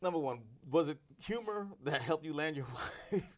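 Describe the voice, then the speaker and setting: A man hosting the show, interviewing a comedian with quick, casual questions and chuckles. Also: fairly high pitch, expressive.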